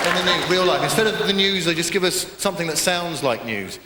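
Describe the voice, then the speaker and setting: Crowd noise and other background sound fill this recording of a British comedian doing stand-up in an echoey venue, with the audience laughing. His voice runs on the high side, quick and with few pauses, as he delivers a sardonic, profane set packed with rambling tangents.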